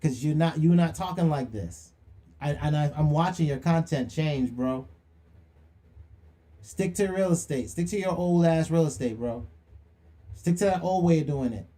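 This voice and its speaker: A man's voice: a little high, moderate pace, dark tone. A young man hosting a livestream monologue, preachy and slangy, firing rhetorical questions and calling people out. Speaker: livestream host.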